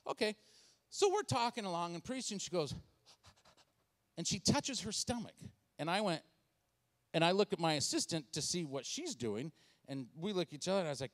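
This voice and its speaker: A male pastor telling a funny story in a sermon, excitable and animated. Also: high voice, brisk, long pauses, long reverb tail.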